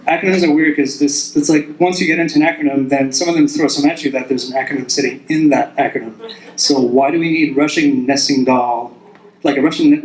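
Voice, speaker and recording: A man's voice: medium pitch, background noise. A man in his thirties doing a rambling, self-deprecating stand-up set on a club stage. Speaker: stand-up comic. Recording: echoey club with crowd.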